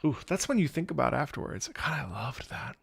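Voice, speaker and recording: A man reacting to game music, gushing emotionally in halting, restarting phrases. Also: a little high, sing-song, creaky, fairly bright tone, husky, no echo. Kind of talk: casual reaction commentary.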